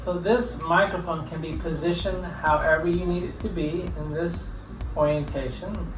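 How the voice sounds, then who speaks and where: A man's voice: a little high, fairly even intonation, moderate pace, music in the background. A man giving a casual product demo at his home desk, explaining while he handles the gear, with frequent ums and uhs. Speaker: gear reviewer and teacher.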